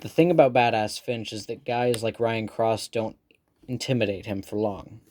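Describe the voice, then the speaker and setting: A man reading a first-person novel aloud with steady storytelling delivery. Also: on the low side, moderate pace, slight background noise. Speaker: audiobook narrator. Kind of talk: scripted first-person narration.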